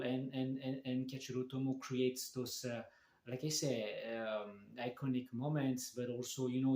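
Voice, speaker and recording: A manga reviewer records a casual video review in an echoey room, his mid-range voice slightly mellow. He sounds enthusiastic but halting, restarting often and leaning on fillers.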